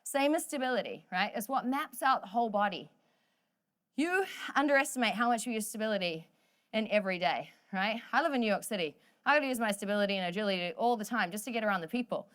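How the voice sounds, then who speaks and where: A woman's voice: mid-range voice, lively intonation, fast, a bit bright. Upbeat woman coaching a workout. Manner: upbeat, joking, counts down reps. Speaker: fitness instructor.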